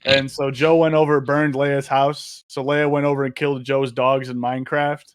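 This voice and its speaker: A man's voice: mid-range voice, moderate pace, dry recording, clean studio sound. A young man, a podcast guest, telling stories in casual chat, swearing often and laughing as he talks. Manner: profane, laughing, animated storyteller.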